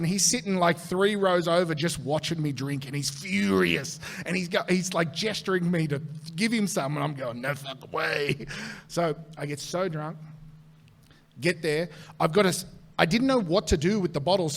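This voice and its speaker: Australian male comic, slightly high voice, animated live storyteller who swears freely and acts out quotes. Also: moderate pace, vocal fry. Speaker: comedian guest.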